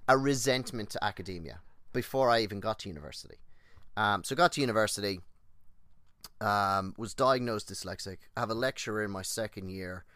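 A man with a lowish voice talking as a podcast guest, recorded close and dry with no room sound. He tells long personal stories in a loose, rambling way, swears freely and slips into the voices of people he quotes. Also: fairly quick, pushed and bright, no echo. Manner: rambling, restarts and goes on tangents. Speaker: podcast guest, exercise physiologist. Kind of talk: casual podcast chat, personal storytelling.

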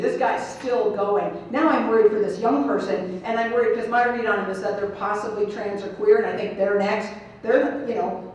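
A woman's voice: medium pitch, fairly quick, recorded from a distance, slight background noise. A woman giving a keynote talk at a conference, telling a story with humor and acting out the people in it. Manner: animated, acts out the people in her story with humor. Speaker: keynote speaker. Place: large conference hall. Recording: echoey hall picked up from afar.

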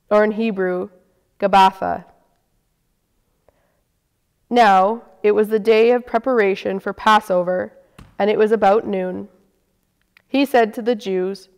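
A woman giving a measured, unhurried Good Friday scripture reading in a church. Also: mid-range voice, clear, resonant tone. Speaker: scripture reader. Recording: long reverb of a church.

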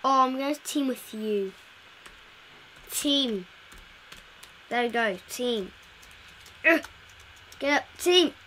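A woman's voice: sits high, lively intonation, takes it slowly, long pauses, pushed and bright, slight background noise. A woman giving casual, playful commentary while playing a video game, chatting to the characters on screen. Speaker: gameplay video host.

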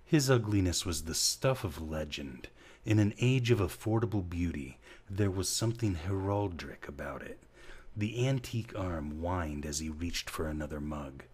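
A man reading a novel aloud as an audiobook narrator, in a slow, measured way. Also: low-pitched, expressive, darkish tone, husky. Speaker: audiobook reader.

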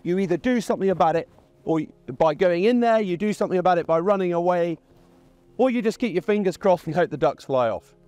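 A man's voice: sits high, lively intonation, quick pace, darkish tone, no echo. A man giving a chatty, plain-spoken dog training lesson outdoors by a pond.

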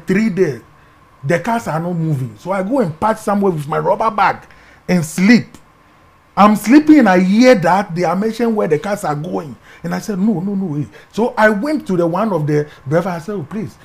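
A middle-aged man with a Ghanaian English accent, telling his personal story as an interview guest, animated and acting out the voices in it, often dropping to a hush. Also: high-pitched.

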